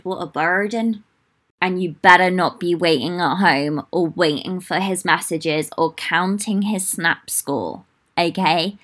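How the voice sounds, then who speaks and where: A woman's voice: medium pitch, fairly bright tone. A young woman hosting her own podcast, talking casually in a sassy, chatty way with swearing and playful asides. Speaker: podcast host. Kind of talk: casual solo podcast talk.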